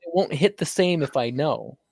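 A man's voice: fairly high pitch, moderate pace, a little mellow, no room sound. A man playing in a tabletop campaign, chatting on a podcast in an earnest, rambling way. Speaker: player, podcast co-host. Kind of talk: casual podcast chat.

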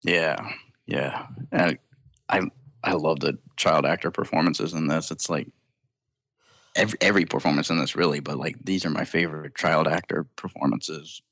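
A man's voice: a bass voice, steady tone, moderate pace, gravelly, fairly bright tone, dry recording, clean studio sound. A young man hosting a casual film podcast, enthusiastic and laughing often as he talks. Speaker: podcast host.

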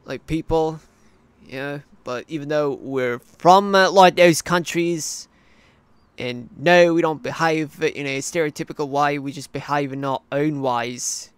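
A man's voice: a little high, measured pace, smooth, dry recording, close to an everyday voice. A man voicing a rambling adult male cartoon interviewee with an Australian accent, full of fillers and restarts, in a hobby cartoon.

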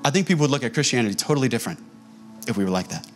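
A man preaching a sermon as a pastor in a church, telling stories in an animated way and acting out the dialogue. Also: mid-range voice, racing, soft background music. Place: church sanctuary.

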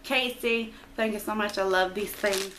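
A woman's voice: medium pitch, normal speed, background noise. A middle-aged woman, chatting casually as she opens a friend's mail package at home. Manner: chatty and gushing, squeals with excitement. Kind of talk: casual unboxing chat. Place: quiet home.

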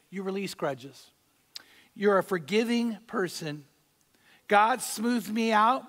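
A man delivers a sermon as pastor, his voice sitting noticeably high for a man. He talks conversationally, repeats his key lines and pushes louder to land a point. The sound carries the long ring of a large church sanctuary. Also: big-room sound. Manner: conversational preaching, repeats key phrases, swings louder for emphasis.

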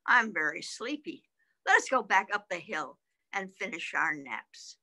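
Woman putting on a sleepy growly bear, drowsy, slow, mellow. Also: on the low side, big pitch swings, full character voice.

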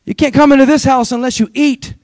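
Energetic male preacher, high voice, dry close sound, exhorting with call-and-response. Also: fast, dry recording. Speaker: guest preacher. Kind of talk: sermon. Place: church sanctuary.

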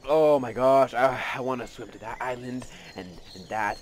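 A man giving casual let's play commentary, excitable and rambling, often gasping and joking at himself. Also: medium pitch, moderate pace, slight background noise. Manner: excitable, rambling, gasps and self-mocking asides.

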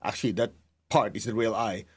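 A middle-aged man giving a spiritual lesson as a meditation teacher, talking deliberately and telling students to write points down. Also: on the low side, steady tone, slightly rough. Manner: slow, deliberate, tells students to write things down; laughs at himself, acts out remembered exchanges.

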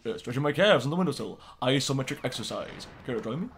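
A man's voice: mid-range voice, lively intonation, fast, fairly bright tone, slight background noise. A man voicing a fussy, nervous middle-aged male school principal in a comedy sketch, flustered and stammering excuses.

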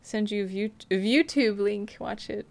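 A woman playing a video game, reading the on-screen text messages aloud in a flat, quick way between casual comments. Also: mid-range voice, vocal fry. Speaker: gameplay streamer. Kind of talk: casual let's-play commentary.

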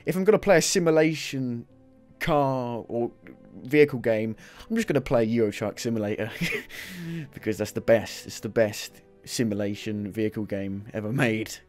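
A man of twenty giving casual, chatty commentary while playing a racing game demo, reacting with quick excited exclamations. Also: mid-range voice, faint music behind. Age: 20s. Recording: loud racing game engine noise under the voice. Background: racing car engines from the game.

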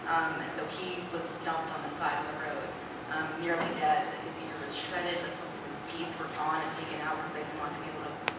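A woman's voice: low voice, flat delivery, brisk, very noisy. A woman author talking casually to a live audience at a book event. She is chatty and candid, uses many fillers and restarts, and gets openly emotional. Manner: openly emotional, close to tears at times. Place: large indoor event hall. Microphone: filmed from far off in the audience. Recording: distant echoey hall with loud ambience.

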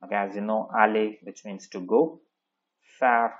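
A man's voice: on the low side, steady tone, moderate pace, dull audio. A male French teacher explaining grammar step by step in a patient classroom manner, often checking in with the listener.

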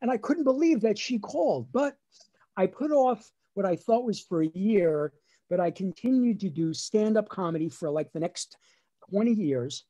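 A middle-aged lawyer and comedian with a New Jersey accent tells funny family stories as storytelling stand-up on a webinar video call. His voice is high and his pace normal, and he's animated, acting out his relatives' voices.

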